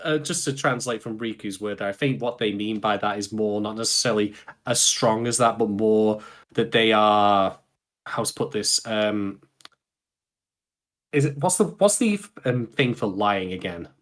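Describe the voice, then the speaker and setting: A man's voice: lowish voice, normal speed, fairly bright tone. Chatty man co-hosting a podcast. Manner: chatty, self-correcting, laughs often. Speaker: podcast co-host. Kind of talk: casual podcast discussion.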